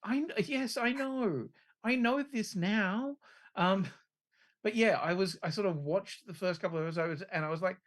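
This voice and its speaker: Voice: medium pitch, moderate pace. A podcast co-host chatting casually, rambling and swearing as they lose track. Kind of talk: casual chat.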